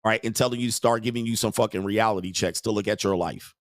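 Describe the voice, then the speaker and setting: A man's voice: lowish voice, fast, dry recording. A man hosting a show, delivering a crude, mocking livestream rant and laughing often. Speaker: show host.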